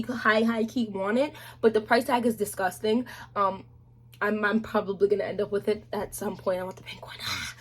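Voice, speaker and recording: A woman chatting casually on camera about beauty products, animated and slangy, with playful asides to viewers. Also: a little high, breathy edge. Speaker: beauty vlogger. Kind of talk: casual product review chat.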